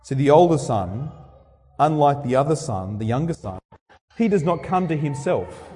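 A man's voice: expressive, moderate pace, husky. A man preaching a sermon in church, dramatic, acting out quoted speeches with big swings in voice. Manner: dramatic, acts out quoted speeches with sharp swings in pitch and loudness. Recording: long reverb of a large hall.

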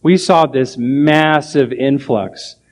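A man's voice: medium pitch, slow pace, darkish tone. A male pastor preaching a sermon, pressing his point with emphatic rhetorical questions.

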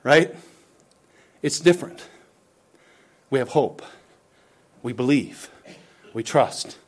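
A man preaching a sermon, impassioned, swinging between loud rising lines and hushed low ones, calling questions out to the congregation. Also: slow pace. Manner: impassioned, rising and dropping to near-whispered lows.

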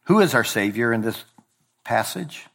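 A man preaching a sermon deliberately, slowing on key phrases and dropping low at the ends of lines, with the odd slip he corrects. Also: animated, a bit bright. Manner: occasional verbal slips and self-corrections. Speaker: pastor.

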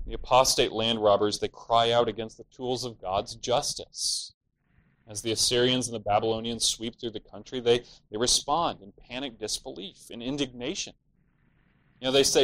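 Guy preaching a sermon, mid-pitched, earnest, walks thru the bible passage point by point. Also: lively intonation, normal speed, fairly bright tone, low-quality recording. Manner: earnest expository preaching, rising to mock the villains' laments.

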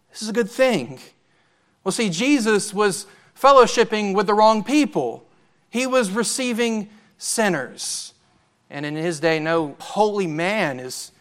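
A man's voice: sits high, fairly bright tone. A man preaching a sermon as pastor, earnest and emphatic, asking his listeners questions.

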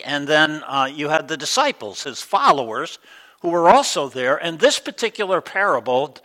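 Middle-aged guy pastor, loose chatty sermon, lots of ums, bright voice. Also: a little high, low-quality recording. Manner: relaxed, conversational, many ums and uhs.

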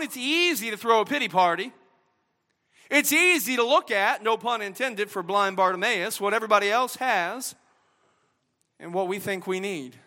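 Guy preaching, high bright voice, goes loud then real soft. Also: in a large hall. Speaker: pastor. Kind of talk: sermon.

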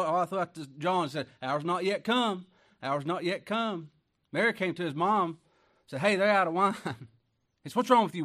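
A man preaching a sermon who reads scripture loudly and slowly, then drops to quiet asides and rhetorical questions in a folksy way. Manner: swings from loud, slow scripture reading to quiet, low asides.

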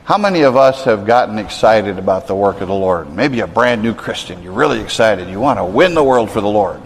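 A man's voice: lowish voice, expressive, brisk, husky, big-room sound. A man preaching a sermon, earnest and conversational, building to emphatic peaks. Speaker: pastor.

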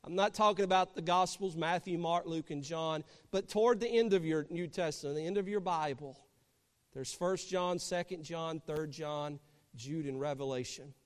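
A high-voiced male pastor preaches at a moderate pace, shifting from gentle storytelling into fervent, emphatic appeals. A long hall reverb makes his words ring out as though from a church pulpit.

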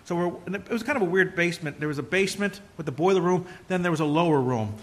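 A man's voice: high voice, fast talker. A middle-aged man preaching a folksy sermon, talking conversationally through personal stories and building to emphatic points.

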